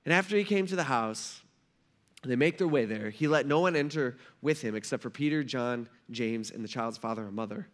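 A man preaching a sermon as a pastor, speaking in a relaxed, slangy way and acting out the characters of the story in everyday talk. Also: medium pitch, fairly quick. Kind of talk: casual conversational sermon.

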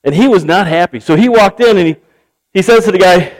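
A man's voice: high-pitched, quick pace, rough recording. A man preaching a sermon, telling a joke story and acting out its characters with animation. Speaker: pastor.

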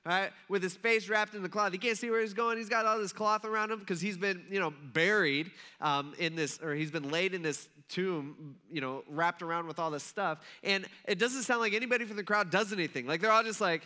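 A man's voice: high-pitched, fairly quick, hardly any pauses, pushed and bright. A man preaching a casual storytelling sermon, chatty, who acts out the characters as he retells the story.

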